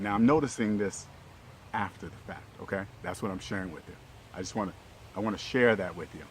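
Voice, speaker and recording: A relationship vlogger talks casually and earnestly to his viewers, repeating himself often and checking in with "okay?" after his points in a straightforward way. His voice is lowish and a bit bright, with a little hiss or hum in the audio.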